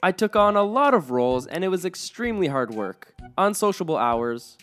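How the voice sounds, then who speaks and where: A woman narrating Reddit stories aloud in a wry, lively storytelling manner. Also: fairly low pitch, moderate pace, soft background music.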